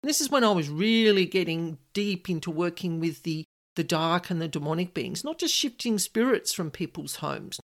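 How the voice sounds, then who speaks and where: A woman hosting a podcast, telling a personal story in a chatty, animated way and quoting voices. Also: lowish voice, moderate pace. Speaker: podcast host.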